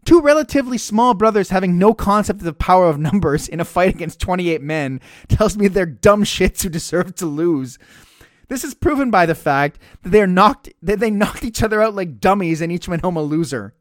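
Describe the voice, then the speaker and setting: A man hosting a casual podcast, reading listener mail and chatting in an animated, profane way, often laughing mid-sentence. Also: high voice, a little fast, dry recording, clean studio sound. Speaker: podcast host.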